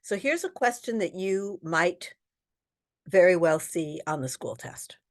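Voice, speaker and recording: Reading test questions and explaining the answers, with plenty of ums, a female real estate exam instructor leads an online prep lesson. She has a fairly low voice with lively intonation and talks a little slowly.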